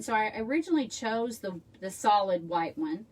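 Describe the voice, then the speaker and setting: A woman's voice: medium pitch, expressive, moderate pace, hardly any pauses, a little mellow. A woman hosting a casual live craft tutorial, chatting and rambling with friendly asides to her viewers from her home. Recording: room mic from a distance, faint background noise.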